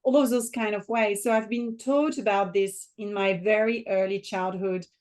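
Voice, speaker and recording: A woman in her forties from the south of France with a French accent, answering interview questions as a podcast guest in a measured, reflective way. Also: mid-range voice, steady tone, a little mellow.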